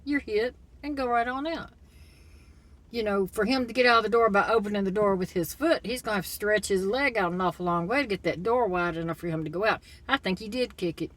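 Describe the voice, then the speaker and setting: A woman's voice: medium pitch, fairly quick, fairly bright tone. Blunt, opinionated woman retelling a story. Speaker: commentator. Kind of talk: casual opinion monologue.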